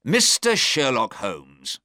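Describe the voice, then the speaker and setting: A man voices a tired, older nobleman, proud but shaken, whose words come weary and strained. The voice sits higher than the reader's own low tone and moves freely. It is bright and dry, recorded up close. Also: sing-song, slow pace, no room sound, exaggerated voice. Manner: weary, strained, sometimes sharp.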